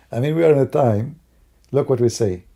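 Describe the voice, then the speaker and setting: A man whose first language is Arabic, hoarse from losing his voice, musing and rambling in broken English on a livestream. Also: mid-range voice, mellow. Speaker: livestream host. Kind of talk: casual livestream talk.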